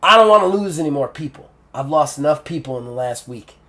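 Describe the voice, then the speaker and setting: A man voicing a gruff, weary male commander giving blunt, urgent orders in a live-play tabletop game. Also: on the high side, expressive, fast, sharp tone.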